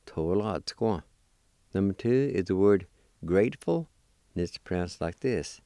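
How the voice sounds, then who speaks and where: Guy teaching word spellings real slow, dark mellow low voice, dry close sound. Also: animated, no room sound. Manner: slow, deliberate, spells letter by letter and repeats each word. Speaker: language teacher. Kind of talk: slow spelling and pronunciation lesson.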